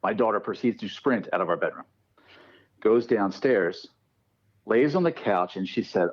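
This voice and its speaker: A man's voice: fairly low pitch, moderate pace, highs cut off. A man telling paranormal stories casually on a podcast, acting out the voices of the people in them. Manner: animated, acts out quoted dialogue. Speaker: podcast guest, paranormal researcher. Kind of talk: casual storytelling.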